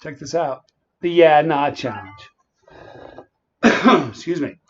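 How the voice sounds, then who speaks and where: Man, a touch high-voiced, chatty stream host, dull lo-fi audio. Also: expressive, slow, slightly rough, faint music behind. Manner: chatty, greets viewers by name. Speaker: livestream host. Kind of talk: casual livestream chat.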